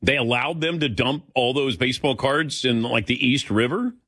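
A man's voice: medium pitch, normal speed, a bit bright, no echo, clean studio sound. A man in his sixties hosting a call-in sports radio show, chatty and laughing often. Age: 60s.

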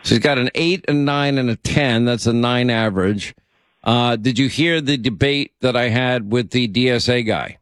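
A male radio host talks in a relaxed, rambling way, trading easy banter with callers. His voice sits in a middle pitch and sounds close and dry, with no room around it. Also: moderate pace, no room sound. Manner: chatty, rambling and friendly with callers. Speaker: radio talk show host. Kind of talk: casual call-in radio chat.

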